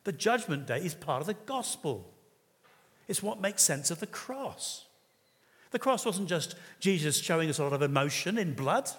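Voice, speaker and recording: A man's voice: a little high, big pitch swings, normal speed, a bit bright. A man preaching a sermon in an earnest, conversational way, with occasional hesitations. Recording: reverberant hall.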